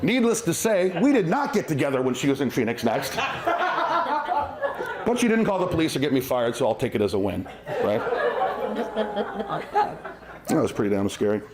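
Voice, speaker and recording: A man's voice: medium pitch, big pitch swings, normal speed, pauses often, very noisy. A middle-aged man doing a conversational, self-mocking stand-up comedy set at a live venue. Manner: conversational, self-mocking, acts out silly voices. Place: winery venue with live audience. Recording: roomy live venue with audience laughter.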